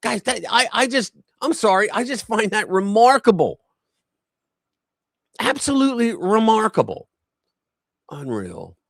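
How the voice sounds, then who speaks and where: A man's voice: mid-range voice, no room sound, studio quality. A man hosting a live news commentary stream, talking in a blunt, heated, profane way.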